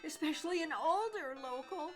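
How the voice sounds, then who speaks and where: A woman's voice: high voice, lively intonation, normal speed, voice pushed up. A woman voicing a ditzy young beach woman in a bikini, with a bubbly, airy valley-girl drawl, over game music. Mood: disgusted.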